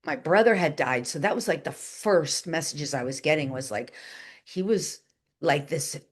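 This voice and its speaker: A woman being interviewed, telling a long story in a chatty, animated way, with lots of "like" and voices acted out in quotes. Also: low-pitched, normal speed. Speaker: guest, channeler and animal communicator.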